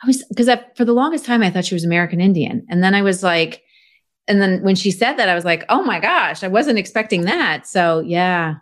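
Effusive woman host, lower voice. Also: quick pace. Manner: enthusiastic, effusive praise. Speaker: podcast host. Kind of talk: casual interview chat.

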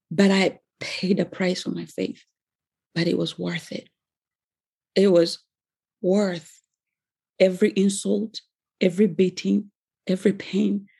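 A woman in her forties giving an earnest, emotional personal faith testimony, with pauses and restarts. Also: fairly low pitch, gravelly, darkish tone, slightly rough. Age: 40s.

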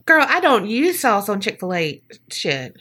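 Woman podcast co-host, bright and punchy, animated, jokey and profane. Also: mid-range voice, measured pace, husky. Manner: joking, swears, laughs often. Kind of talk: casual chat.

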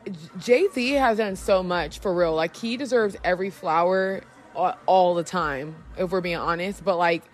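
A woman hosting a podcast, reacting live in an excitable, gushing way and swearing freely. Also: on the low side, moderate pace, faint music behind. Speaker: podcast host.

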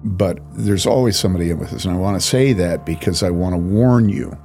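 A man's voice: low-pitched, a little fast, gravelly, mellow, faint music behind. A man speaking as a pastor, telling a story from his ministry in an earnest, emphatic way and asking rhetorical questions.

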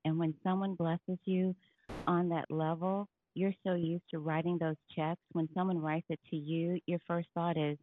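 A woman's voice: fairly low pitch, level tone, moderate pace, dry recording. A woman calling into an online audio room, giving fervent, faith-filled testimony. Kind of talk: heartfelt testimony. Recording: tinny phone-like line.

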